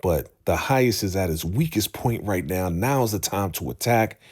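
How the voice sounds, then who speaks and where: A man's voice: deep voice, expressive, normal speed, slightly rough. Man playing a pushy henchman itching to strike. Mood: insistent. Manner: insistent, urging. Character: pushy male henchman urging an attack.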